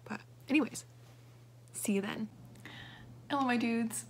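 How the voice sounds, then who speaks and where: In a writing vlog, a young woman chats in an unhurried, rambling way, using lots of fillers. Her voice is a little high, with a bit of hiss or hum in the recording.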